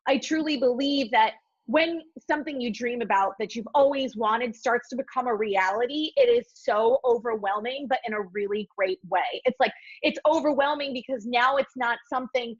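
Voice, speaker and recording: A woman guest on a coaching interview, telling her story with lively, swearing candor and acting out her panicked thoughts. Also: a little high, moderate pace, few pauses, slightly rough, lo-fi sound. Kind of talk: candid podcast interview.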